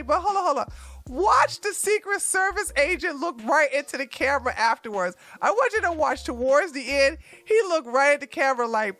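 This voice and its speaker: A woman's voice: high voice, expressive, brisk, fairly bright tone, dry recording. A woman hosting her own news commentary vlog, talking casually and animatedly to her viewers and laughing often.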